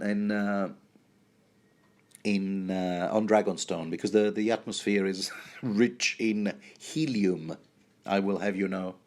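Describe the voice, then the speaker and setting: A man's voice: fairly low pitch, takes it slowly, darkish tone. A man hosting a rambling, jokey book commentary, often stumbling and restarting mid-sentence.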